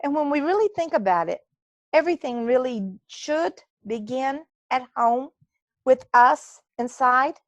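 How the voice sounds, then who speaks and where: A woman's voice: high voice, animated, a little slow, no room sound, muffled recording. A woman giving an earnest, faith-minded speech from home over a video call. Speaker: club speaker.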